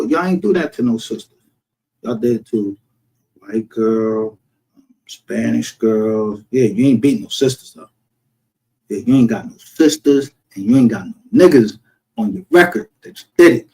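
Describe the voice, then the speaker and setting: A man holds forth on a casual livestream, his voice husky and a little rough. He talks in a profane, heated, rambling way, jumping from one callout to the next with a confrontational edge. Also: medium pitch, darkish tone, low-quality recording. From northern United States. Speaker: streamer. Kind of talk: casual ranting livestream commentary. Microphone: home streaming setup.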